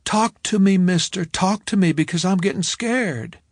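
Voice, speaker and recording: A man voicing a cheerful, lively young woman who talks in a bubbly, teasing way. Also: a little high, moderate pace, creaky, husky, no room sound, clean studio sound. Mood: worried.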